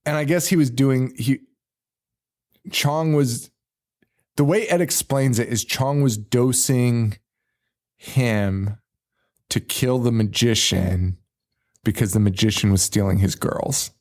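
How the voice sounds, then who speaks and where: A man's voice: mid-range voice, takes it slowly, long pauses, a little mellow. A man hosting a casual movie review podcast, rambling, swearing often and laughing a lot. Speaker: podcast host.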